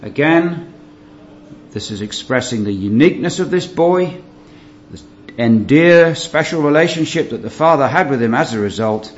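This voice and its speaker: A man's voice: on the high side, animated, moderate pace, a little hiss or hum. A man giving a verse-by-verse Bible teaching, drawing out key words for emphasis and asking the listeners rhetorical questions. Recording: dull lo-fi recording with faint ambience.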